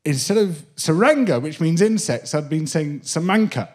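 Man telling a lively story. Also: a little high, moderate pace. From Britain. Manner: animated anecdote-telling with frequent restarts and laughs. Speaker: guest. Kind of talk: live comedy-podcast interview, storytelling. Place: theatre stage, live audience.

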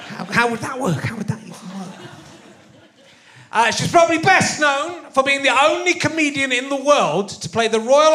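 A man's voice: high-pitched, pushed and bright. A man hosting a comedy interview podcast in front of a live audience, joking in a self-mocking way and laughing often. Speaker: podcast host.

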